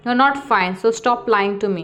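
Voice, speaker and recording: A woman's voice: on the high side, expressive, fast, lightly acted. A woman voicing a caring, protective young man in a fan fiction story, speaking earnestly and pleading. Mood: frustrated. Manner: earnest, pleading, softly spoken.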